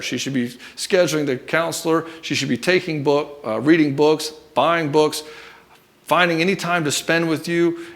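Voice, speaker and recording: A male relationship coach giving blunt, profane advice straight to the listener, calling him brother and not mincing words. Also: on the high side. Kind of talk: direct-to-camera advice monologue.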